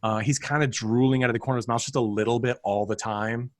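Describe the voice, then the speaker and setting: A man's voice: mid-range voice, steady tone, fast, dry recording. A man co-hosting a film podcast, chatting casually about a movie, rambling with lots of fillers and restarts. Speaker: podcast co-host. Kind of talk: casual film review chat.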